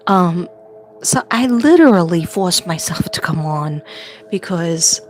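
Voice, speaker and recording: A woman's voice: on the low side, expressive, takes it slowly, a little mellow, faint music behind. A woman hosting a casual livestream from home, chatty and rambling, laughing often. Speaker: livestream host.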